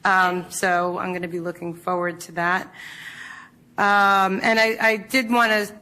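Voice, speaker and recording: Bright-voiced deputy mayor, heartfelt. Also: female voice, mid-range voice, level tone, unhurried, poor audio. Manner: heartfelt, emotional, rambling. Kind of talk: council meeting remarks. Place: council chamber.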